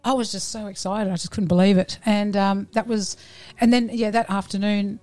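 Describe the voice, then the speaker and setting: A woman in her late forties telling personal stories in a casual interview, animated and frank, acting out the voices she quotes. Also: mid-range voice, normal speed, soft background music. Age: 40s. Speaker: podcast guest.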